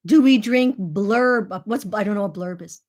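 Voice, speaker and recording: A woman's voice: medium pitch, a little mellow. A woman, talking casually to her viewers in a rambling, chatty way with lots of fillers, acting out the voices of people she quotes. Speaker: channel host.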